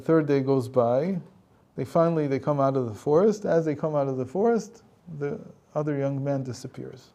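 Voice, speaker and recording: Man, rabbi, storytelling lecture, conversational, dark, mellow tone. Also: fairly high pitch, vocal fry. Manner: conversational, with chuckles and restarts. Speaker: rabbi and teacher.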